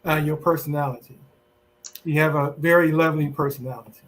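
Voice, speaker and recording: A man answering his partner's relationship questions on a podcast, in a relaxed and hesitant way. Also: a little high, brisk, low-quality recording.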